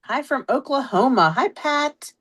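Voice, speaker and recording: A woman's voice: sits high, animated, measured pace, a bit bright, breathy edge. A woman with a Pittsburgh accent hosts a live craft stream, chatting casually and greeting viewers by name. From Pittsburgh, USA. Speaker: host of a live stamping stream.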